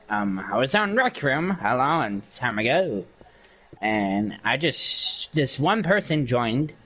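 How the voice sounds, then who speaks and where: A man's voice: mid-range voice, sharp tone. A young man chatting casually while gaming, boastful and rambling, with many fillers. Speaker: game streamer doing impressions.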